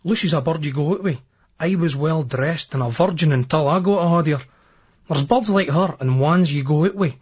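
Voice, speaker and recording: Scottish guy reading a novel aloud, husky and kinda high, brash and crude, muffled lo-fi old tape. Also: normal speed, a little mellow. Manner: brash, crude, swaggering young man's voice. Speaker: audiobook narrator. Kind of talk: first-person novel narration. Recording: dull lo-fi remastered old tape.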